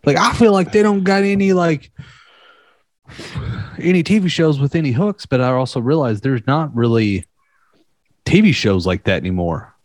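A man's voice: a little high, lively intonation, normal speed, pauses often, no room sound, clean studio sound. A young man in casual podcast chat, rambling with lots of fillers.

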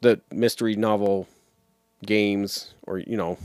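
A man's voice: lowish voice, unhurried, clear, resonant tone, no echo, studio quality. A young man co-hosting a casual podcast chat, rambling and swearing as he talks. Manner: animated, rambling, swears often. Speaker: podcast co-host.

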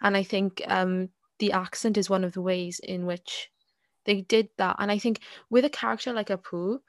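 With no room sound, a steady-toned woman at medium pitch and normal speed co-hosts a casual discussion podcast. Her delivery is hesitant, marked by many restarts, repeated words, and a frequent "you get what I mean."

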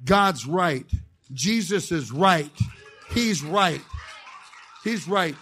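A man preaching a fiery sermon as a chaplain, telling folksy stories with jokes and rising into shouted call-and-response. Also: fairly high pitch, lively intonation, very slow, soft background music. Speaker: chaplain preaching as guest speaker.

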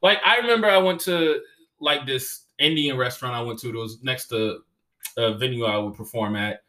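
A comedian and podcast host telling stories in a casual, profane, animated way and laughing as he goes. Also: mid-range voice, moderate pace. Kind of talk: casual storytelling chat.

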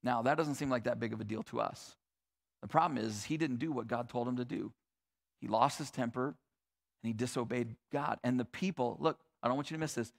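A male pastor preaching a sermon in a conversational, animated way with casual asides. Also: medium pitch, fairly quick, creaky.

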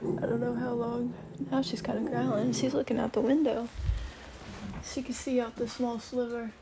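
Heard over a noisy crowd, this young podcast host has a slightly high voice with little pitch movement and talks at normal speed. Recording from a bedroom at her mother's house, she rambles through a solo chat, thinking aloud and using plenty of fillers.

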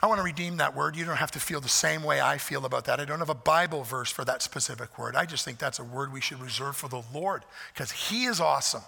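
A man preaching a sermon, emphatic, swelling loud on repeated phrases, with folksy asides. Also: medium pitch, fast talker, creaky, hardly any pauses, slightly rough. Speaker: pastor. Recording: long hall reverb.

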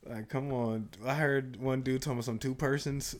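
A man co-hosting a casual podcast chat, animated and swearing, laughing often. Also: mid-range voice, normal speed. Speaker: podcast co-host.

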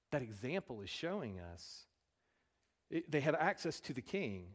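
A man preaching a sermon, animated and full of rhetorical questions. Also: lowish voice. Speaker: pastor. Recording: long hall reverb.

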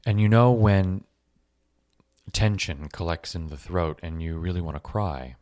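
A man with a low, deep voice tells a personal story with animated, self-mocking energy and casual swearing. The sound is dry and close, with almost no room around him. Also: a little slow, dry recording. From Los Angeles.

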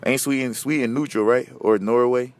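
Animated ranting Philly man. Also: moderate pace. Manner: animated, profane, rambling, shifts between loud outbursts and low muttering. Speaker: podcast host. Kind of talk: casual solo rant.

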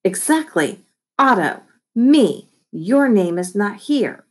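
A woman's voice: on the low side, lively intonation, moderate pace, a little mellow. A woman voicing a bossy young boy who runs a small business, talking in a bratty, emphatic way.

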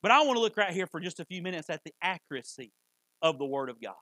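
Fervent high-voiced preacher. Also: male voice, sing-song, quick pace, bright, forceful tone, no room sound, poor audio. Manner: fervent, emphatic preaching with repeated phrases. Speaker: pastor. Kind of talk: sermon.

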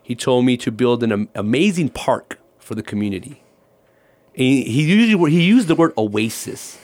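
A man's voice: medium pitch, moderate pace. A man, a ministry guest, telling his personal testimony and acting out the conversations in it. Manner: animated storyteller acting out dialogue.

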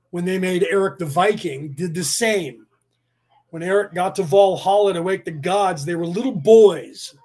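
High-voiced man ranting in monologue. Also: a little mellow, breathy edge. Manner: profane, emphatic, rhetorical questions, bursts of speed. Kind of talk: rambling monologue.

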